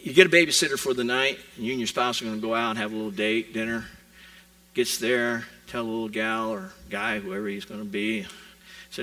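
A man's voice: medium pitch, lively intonation, a little fast, creaky, pushed and bright, distant mic, rough recording. A man preaching a sermon in a conversational way, asking rhetorical questions and acting out quotes. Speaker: pastor.

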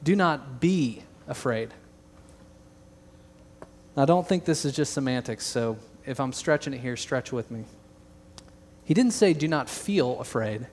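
A man's voice: medium pitch, animated, a little slow, pauses often, slight background noise. Earnest preacher man in a reverberant hall. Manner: earnest, emphatic, with joking asides. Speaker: pastor. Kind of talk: sermon. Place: large church hall.

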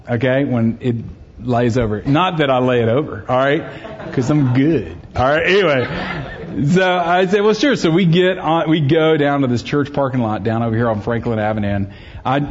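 A man's voice: mid-range voice, darkish tone, lo-fi sound. Joking, conversational man preaching a sermon. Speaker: pastor. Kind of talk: sermon with personal story.

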